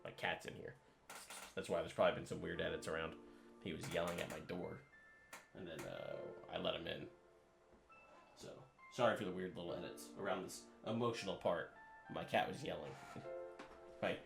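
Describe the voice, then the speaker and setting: A man's voice: low voice, steady tone, moderate pace, creaky, long pauses, reverberant, over music. A man giving casual gameplay commentary, chatty and swearing, cooing baby talk to his cat. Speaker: let's play gamer.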